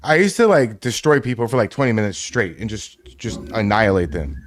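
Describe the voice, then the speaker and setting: A fairly low-pitched, very animated man talks a little fast as a co-host on a live stream. It's casual banter: he jokes around, laughs often, and stammers over restarts.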